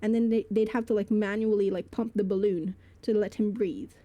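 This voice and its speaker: A woman's voice: medium pitch, fairly even intonation, brisk, dark tone. A woman streamer telling a story to her live chat, rambling with lots of fillers and laughing between phrases.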